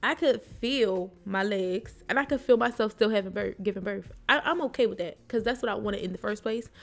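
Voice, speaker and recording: A woman's voice: medium pitch, fairly quick, vocal fry. Blunt young woman telling a raw story. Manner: blunt, swears freely, acts out quotes of nurses and herself. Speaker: podcast co-host. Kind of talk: candid personal storytelling.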